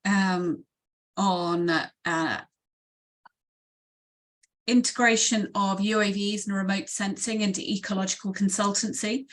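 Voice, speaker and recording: A woman's voice: medium pitch, fairly even intonation, slow pace, long pauses. Woman hosting a webinar Q&A. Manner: polite, warmly thanking, slightly rambling. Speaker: webinar host.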